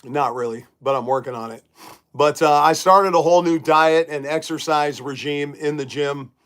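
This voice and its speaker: A middle-aged man chats to his live audience from his bedroom, loose and emphatic, answering viewer comments as they come. His voice sits a little higher than most men's. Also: normal speed, a bit bright. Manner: chatty, emphatic, reads viewer comments aloud. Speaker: livestream host. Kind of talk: casual live-chat monologue.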